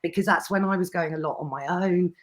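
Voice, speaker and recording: A woman's voice: lowish voice, a little fast. Chatty, giggly woman. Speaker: podcast guest. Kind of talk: casual chat.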